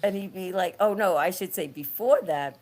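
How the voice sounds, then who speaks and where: A woman, a former nun, talking in a casual interview, telling her story in halting, restarting phrases and laughing easily. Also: fairly low pitch, a little mellow. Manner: halting, repeats words and restarts often. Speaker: podcast guest, former nun and author.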